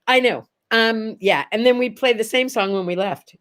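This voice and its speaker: An older woman hosting a casual morning chat, telling stories with lively energy and acting out the voices of the people in them. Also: a little high, normal speed, few pauses. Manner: animated, acts out quoted voices in stories. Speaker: livestream host.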